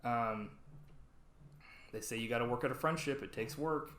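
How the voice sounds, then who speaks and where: Male podcast co-host, middling pitch, rambling storyteller, roomy echo on the voice. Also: moderate pace, a little hiss or hum. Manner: rambling, animated retellings with acted-out quotes. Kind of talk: casual chat reviewing old sketches.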